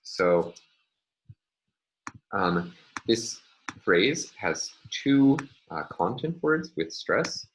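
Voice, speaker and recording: A male linguistics lecturer explaining step by step in a measured, recorded lecture, with frequent filler words. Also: fairly low pitch, sing-song, slight background noise, low-quality recording.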